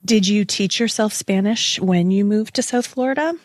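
A woman, hosting a podcast interview in a bubbly, excitable way and laughing often. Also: medium pitch, moderate pace, slight background noise. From Canada. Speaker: podcast host. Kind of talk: casual interview chat.

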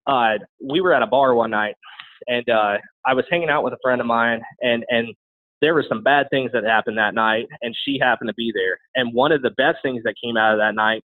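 Guy rattling off his life story fast, lots of restarts, tinny phone-line sound. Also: medium pitch, no echo. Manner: rapid, with frequent restarts and repeated words. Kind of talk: candid personal storytelling.

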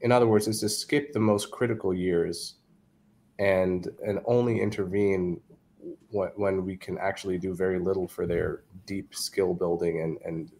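A man speaking as a guest in a casual discussion. He talks haltingly and repeats words, then presses his points emphatically. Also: low-pitched, steady tone, darkish tone, a little hiss or hum.

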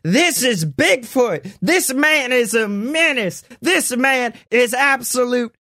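A man voicing a loud, paranoid male cryptid hunter who shouts and rants in a high, strained voice. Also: animated, slow pace, dry recording, clean studio sound, exaggerated voice. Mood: ranting.

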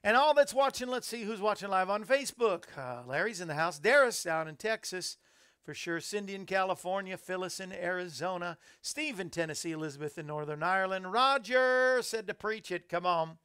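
A man's voice: high voice, expressive, brisk, bright, forceful tone, clean tone. A man hosting a casual live-streamed Christian talk show, upbeat and folksy as he greets viewers by name. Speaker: host.

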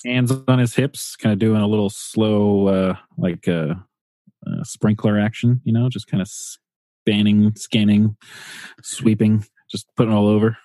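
A man's voice: lowish voice, steady tone, unhurried, mellow, dry recording. A man co-hosting a podcast, telling laid-back stories with dry jokes. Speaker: podcast co-host. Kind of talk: casual chat. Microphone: studio microphone.

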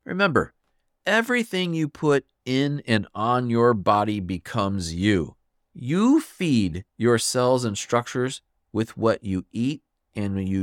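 A man hosting a solo podcast, ranting in a fired-up, emphatic way and swinging his pitch for effect. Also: no room sound, studio quality. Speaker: podcast host.

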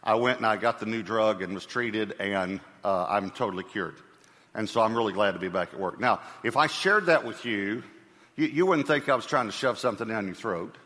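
A man's voice: lowish voice, a little fast, pushed and bright, in a large hall. A man preaching a sermon as pastor, conversational, repeating key phrases for emphasis.

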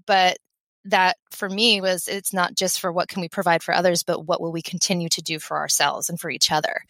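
A lively woman in her thirties from the Philadelphia area tells her career story as a podcast guest. Her voice sits slightly low, and she laughs easily. The sound is close and dry. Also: no echo. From Philadelphia area, USA. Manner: upbeat, energetic, laughs often. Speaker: podcast guest, veterinary technician. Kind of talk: conversational interview.

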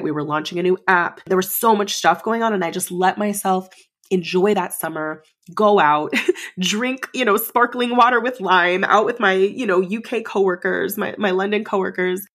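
A woman's voice: medium pitch, creaky. A woman in her thirties, a podcast host, telling her personal story in a candid, emotional way with many fillers. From United States.

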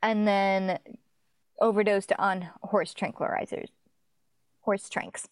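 A woman's voice: mid-range voice, slow, background noise. A woman chatting casually, recapping a TV episode and acting out characters' lines with lots of laughter. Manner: animated, acts out characters' lines in quotes, laughs often.

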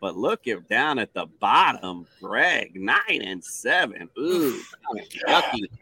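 A man hosting a sports picks show reads stats and then playfully calls on each panelist, staying animated throughout. His medium-pitched voice is slow and slightly rough.

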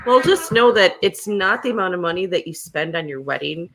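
A woman with a lowish voice hosts a relaxed podcast chat. She tells stories in an animated way, often breaking into laughter. She sounds like a young adult. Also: fairly quick. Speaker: podcast host. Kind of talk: casual storytelling chat.

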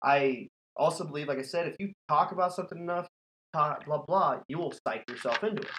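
A man's voice: fairly high pitch, brisk, fairly bright tone, poor audio. A man hosting a podcast, telling a scary story in casual, profane chat and laughing often. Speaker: podcast host.

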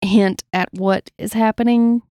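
A woman's voice: a little high, fairly even intonation, unhurried, mellow, no echo, studio quality. A woman co-hosting a true crime podcast, reading from a case account with blunt personal asides. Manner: reads gravely, adds blunt asides. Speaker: podcast co-host.

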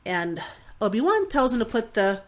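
A woman's voice: on the high side, big pitch swings, normal speed. A woman in her forties hosting a podcast, talking in an earnest, reflective monologue that rambles with restarts and wavers with emotion. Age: 40s. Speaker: podcast host.

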